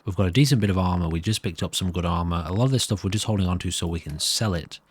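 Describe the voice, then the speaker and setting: A man's voice: sits low, very fast, breathy edge. A nervous man giving rambling, self-amused commentary while playing a video game. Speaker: gameplay commentator.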